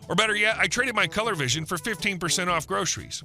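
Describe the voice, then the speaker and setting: Bright, high-pitched male story narrator. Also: quick pace, hardly any pauses, faint music behind. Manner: even, polished read with no fillers.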